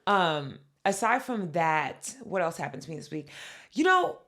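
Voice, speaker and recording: A woman co-hosting a podcast, telling a story in casual chat with lively, profane delivery. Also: on the low side, a little slow. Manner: animated, profane, acts out quotes. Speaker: podcast co-host.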